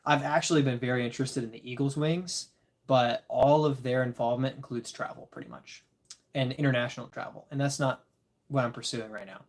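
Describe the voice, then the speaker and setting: A man's voice: medium pitch, a little fast. A tired man casually chatting with his live-stream audience, chuckling and rambling as he reads the chat. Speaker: disc golf livestreamer reading chat.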